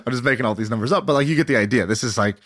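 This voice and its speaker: A man in his thirties co-hosting a podcast, telling stories in an animated way and acting out quotes. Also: medium pitch, rapid-fire. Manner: animated storyteller, laughs often, acts out quotes. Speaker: podcast co-host. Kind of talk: casual chat.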